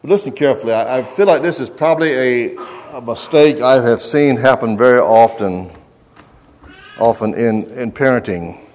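A man's voice: mid-range voice, normal speed, a little mellow. A middle-aged man preaching a sermon in an earnest manner, often restarting his sentences and reading passages aloud from a book. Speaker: pastor.

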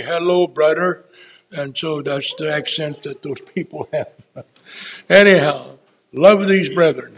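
A man in his eighties preaching an unscripted sermon from the pulpit, folksy and rambling, with frequent pauses and filler words. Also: on the high side, breathy edge.

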